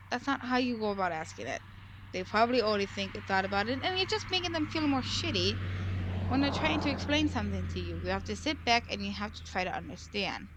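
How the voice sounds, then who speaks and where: A woman streaming a visual novel reads the narration aloud, then breaks into earnest, rambling let's-play commentary full of self-corrections. Her voice is mid-range and fairly bright, with slight background noise.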